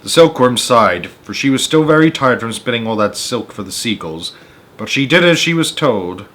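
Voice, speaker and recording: Male storyteller, animated read-aloud of a children's book. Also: medium pitch, moderate pace. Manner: animated, expressive reading.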